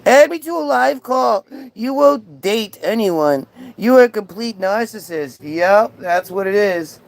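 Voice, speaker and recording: A man's voice: high-pitched, lively intonation, a little slow, creaky. A man ranting sarcastically and profanely on a live stream, mocking someone in chat. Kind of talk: heated live-stream rant.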